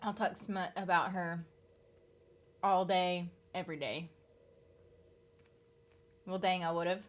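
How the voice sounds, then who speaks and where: A woman's voice: on the low side, steady tone, slow. A young adult woman chatting casually with her stream viewers, loose and teasing, laughing often and swearing freely. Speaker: live streamer.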